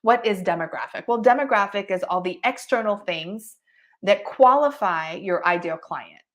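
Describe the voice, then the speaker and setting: Expressive woman coaching on marketing. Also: mid-range voice, normal speed. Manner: expressive, emphatic, acts out examples; laughs often between points. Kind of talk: online coaching lesson.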